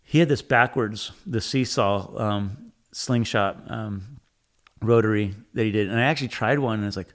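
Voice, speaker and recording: A man's voice: on the low side, normal speed, fairly bright tone. A man talking casually in an interview, rambling with many fillers and some swearing, acting out what he and others said. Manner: rambling, frequent fillers and profanity, acts out his own quotes. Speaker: tattoo machine builder, guest.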